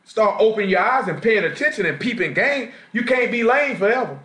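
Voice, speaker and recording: A man's voice: high-pitched, expressive, a little fast, bright, forceful tone. A man preaching a slangy street-talk sermon in a Southern US accent, often asking the congregation questions. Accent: Southern US, Jacksonville Florida. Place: church assembly room. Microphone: live stream recording. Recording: echoey room, live stream.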